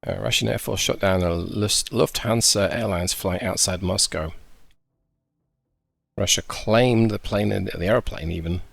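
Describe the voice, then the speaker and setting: Deep, gravelly man, dry and sarcastic. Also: measured pace, fairly bright tone, dry recording. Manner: dry sarcastic asides while reading briefings. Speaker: gaming YouTuber. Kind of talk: casual gameplay commentary.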